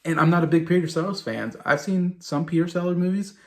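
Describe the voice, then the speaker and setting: Gravelly-voiced man rambling about movies. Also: fairly high pitch, quick pace. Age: late 30s. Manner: rambling, full of fillers and restarts. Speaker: movie review vlogger. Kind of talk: casual chat.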